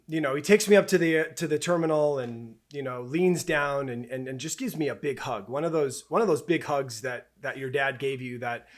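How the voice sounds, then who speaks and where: A middle-aged man with a somewhat high voice tells a personal story as an interview guest. He speaks in a halting, heartfelt way, stumbling over restarts and repeating words as he gathers his thoughts. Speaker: camp director guest.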